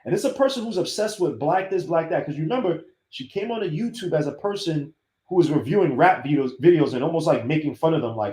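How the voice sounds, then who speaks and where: A man's voice: a little high, lively intonation, fast, darkish tone. A man on a casual podcast, telling stories with animation and acting out the voices of people he quotes. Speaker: podcast host. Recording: roomy echo.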